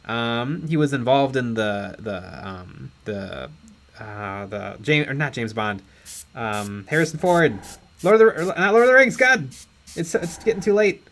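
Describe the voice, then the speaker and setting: A man's voice: medium pitch, lively intonation, measured pace, a bit bright. A man co-hosting a late-night painting stream, chatting casually and telling rambling stories. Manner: rambling storyteller, acts out voices. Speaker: stream co-host. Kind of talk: casual chat while painting miniatures.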